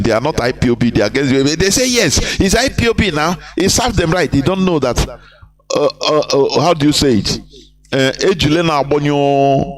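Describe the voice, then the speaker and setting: A man from Nigeria, delivering impassioned political commentary on a live broadcast and asking rhetorical questions. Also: medium pitch. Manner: impassioned, rhetorical questions, mixes in Igbo phrases. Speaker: activist broadcaster.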